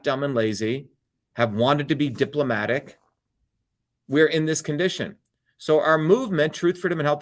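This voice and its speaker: A man hosting his own live show, delivering a fiery, blunt and profane monologue. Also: a little high. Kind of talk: livestream monologue.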